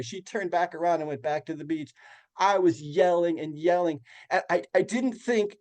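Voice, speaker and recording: A man's voice: on the high side, normal speed, a little mellow. A man giving a talk, earnestly retelling a personal story in vivid detail. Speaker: guest speaker. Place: retirement community hall.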